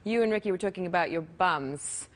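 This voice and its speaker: A woman's voice: fairly low pitch, brisk. A woman appearing as a guest on a talk show, chatting and telling a joke while laughing at herself. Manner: giggly, self-deprecating.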